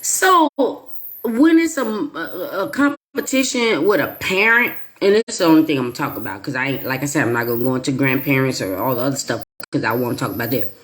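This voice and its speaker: A woman hosting her own channel, telling a personal story to viewers in an animated, emphatic way with playful asides. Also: extremely low pitch, fairly quick. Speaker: YouTube channel host. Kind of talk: casual storytelling monologue to viewers.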